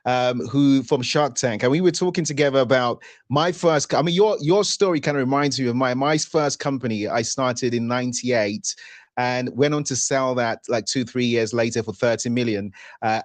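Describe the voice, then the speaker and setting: A man's voice: medium pitch, no echo. Guy hosting a live stream interview, chatty and affirming, dry close sound. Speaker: host.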